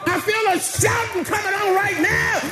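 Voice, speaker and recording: A male preacher acting out a joyful old farmer from church who shouts his praise in a rhythmic cadence. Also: very high-pitched, a little slow, over a noisy crowd. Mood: exultant shouting.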